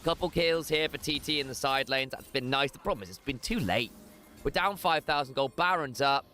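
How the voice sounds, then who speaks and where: A man doing live play-by-play esports commentary, jokey and excitable, on a headset mic. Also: mid-range voice. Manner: excitable, jokey, rapid shifts from chatty to shouting. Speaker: esports caster.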